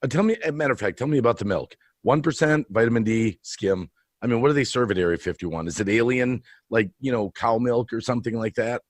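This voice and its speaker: A man's voice: mid-range voice, dry recording. Rambling man in a dry close mic. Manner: rambling, halting, asks absurd questions earnestly. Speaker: streamer and mock interviewer. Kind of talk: improvised comedy interview.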